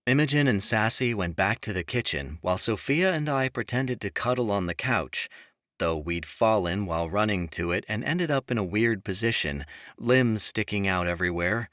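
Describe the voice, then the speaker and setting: A man narrating a fantasy audiobook in the first person, wry and expressive, on a close studio mic. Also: lowish voice, normal speed, no echo.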